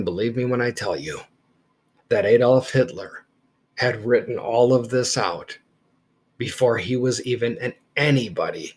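Male history teacher, deliberate lecture delivery, stresses important words. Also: mid-range voice, darkish tone, husky. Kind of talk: lecture-style podcast.

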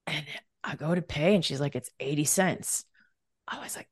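A middle-aged woman telling a story in a casual, lively way, acting out the back-and-forth. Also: deep voice, fast talker, no room sound, clean studio sound. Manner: animated, acts out quoted exchanges. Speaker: podcast guest, wealth mentor.

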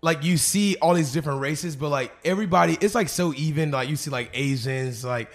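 A man's voice: a little high, a little fast. A young man from Arkansas telling stories in a loose, slang-heavy casual chat, full of fillers. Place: living room couch.

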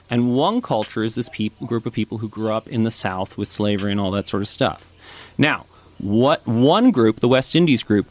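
Chatty man explaining with lots of "right?". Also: on the low side. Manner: animated storyteller, frequent "right?" and "you know". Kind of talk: casual explanatory chat.

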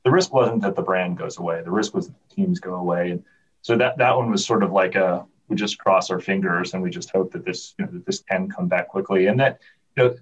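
A man guesting on a podcast who chats casually and tells stories in an animated way, full of restarts. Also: deep voice, fairly quick, slightly rough. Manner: animated storyteller, many restarts. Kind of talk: casual chat. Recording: dull, distant remote audio.

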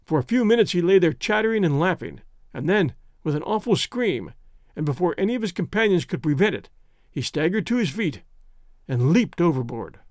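A man narrating an adventure story in a measured, dramatic reading. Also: on the high side, big pitch swings, no echo, clean studio sound. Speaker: audiobook narrator. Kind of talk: scripted narration.

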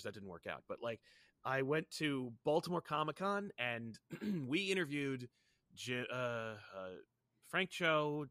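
A man in his thirties, a comics YouTuber appearing as a podcast guest, chats casually in a mid-range, sharp-toned voice with no room sound. He rambles, using lots of fillers and restarts.

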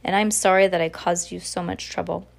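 A woman reading aloud, voicing a quiet, bookish young boy in a children's novel. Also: on the low side, fairly even intonation, brisk, gravelly. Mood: earnest. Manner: quiet and earnest.

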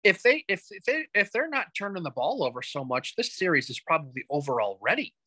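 A man co-hosting a podcast, chatting casually about sports with animated, joking stories. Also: high-pitched, fairly quick, no echo, low-quality recording. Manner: animated storytelling with joking asides. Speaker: podcast co-host.

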